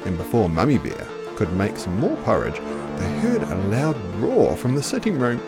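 A storyteller reading a children's storybook aloud in an expressive, playful way. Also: medium pitch, normal speed, music in the background.

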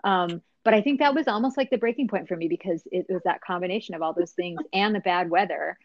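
Woman, casual talker. Chatty, animated storyteller with a lowish voice. Dry, slightly dull recording. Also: quick pace, dry recording. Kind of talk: casual chat.

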